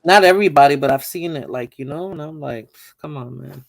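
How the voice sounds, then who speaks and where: A man's voice: on the high side, fast talker. A man from the northeastern US chatting casually, mixing Spanish into his English as he tells stories. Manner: animated storyteller, mixes Spanish and English. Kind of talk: casual chat.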